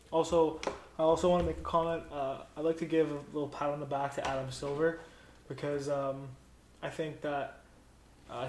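A man co-hosting a casual sports podcast, cutting in with teasing jokes and quick remarks. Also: fairly high pitch. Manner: teasing, cuts in jokingly. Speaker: podcast co-host. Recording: echoey room, faint noise.

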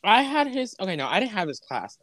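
A man's voice: sing-song, fairly quick, a crowd in the background. A young man co-hosting a podcast, talking in sassy, dramatic casual chat. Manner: sassy, dramatic, swings pitch widely. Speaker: podcast co-host.

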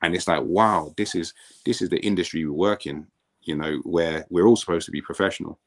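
A man with a very low, deep voice talks easily as a podcast guest, a former pro footballer looking back on his playing days. He tells his stories in a relaxed, conversational way and often doubles up words when he starts a sentence. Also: fairly quick. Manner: relaxed storytelling, repeats words as he restarts. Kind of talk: casual podcast chat.

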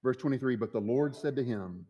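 A man's voice: medium pitch, a little fast, dark tone, long reverb tail, highs cut off. A man preaching a sermon as pastor, acting out the quoted voices with dramatic swings. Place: church sanctuary.

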